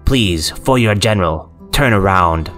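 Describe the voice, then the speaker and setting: A man voicing a possessed military general who speaks gruffly, slowly and with eerie care. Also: lowish voice, lively intonation, a bit bright, faint music behind. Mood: eerily kind. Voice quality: gruff, slow and delicate. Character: sinister male military general, possessed, coldly coaxing.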